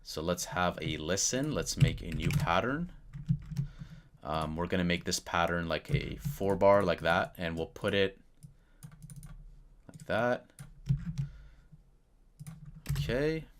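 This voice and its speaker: A man's voice: low-pitched, lively intonation, slow, long pauses, noisy background. A man casually talking through a music production tutorial at his computer, thinking aloud with fillers. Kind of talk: casual screen-recorded tutorial. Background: keyboard clicks and typing.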